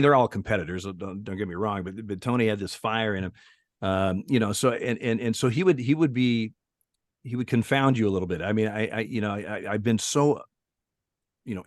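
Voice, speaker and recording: A man's voice: lowish voice, dry recording, studio quality. A man in his sixties, a retired umpire, tells stories as a guest in a casual interview, chuckling often and restarting his sentences. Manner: chuckling storyteller with many restarts. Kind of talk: casual anecdote telling in an interview.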